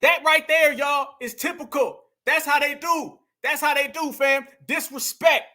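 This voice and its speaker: Man, very high-pitched, forceful, heated commentary host, emphatic, repeats himself. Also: fairly even intonation, unhurried. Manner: emphatic, repeats lines, calls the audience family. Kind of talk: heated social commentary monologue.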